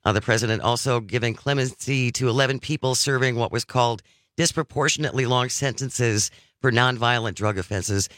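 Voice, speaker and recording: A man with a bright voice hosts a talk radio show, reading the news in an even way and then chatting about it. The sound is dry and close. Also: mid-range voice, brisk, no room sound. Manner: reads news items, then chats.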